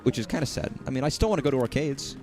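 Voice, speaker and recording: A man's voice: medium pitch, animated, racing, a little mellow, faint music behind. A man from Texas streaming, rambling casually, joking and swearing as he talks.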